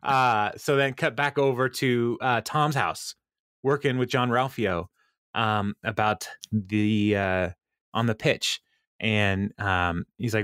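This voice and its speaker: A man's voice: medium pitch, unhurried, a bit bright, no room sound, clean studio sound. Laughing man host retelling an episode. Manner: laughs often, acts out quoted lines. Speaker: podcast host. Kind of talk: casual chat recapping a TV episode.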